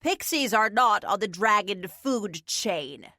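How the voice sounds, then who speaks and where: A woman's voice: medium pitch, expressive, slow, pushed and bright, no echo, heavily acted. A woman voicing an aloof male wizard who speaks in a dry, formal, bored way.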